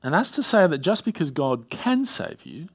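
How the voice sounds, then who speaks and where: A man's voice: big pitch swings, moderate pace, breathy edge. Man preaching, reading scripture aloud. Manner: expository, reads scripture aloud with rising emphasis; drops to a soft, low voice on key points. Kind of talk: sermon.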